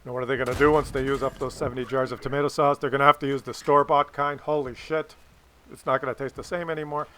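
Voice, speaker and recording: A man's voice: medium pitch, little pitch movement, quick pace, sharp tone, a little hiss or hum. A man hosting a gaming channel, telling a rambling, profane story while he plays. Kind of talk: casual storytelling over gameplay.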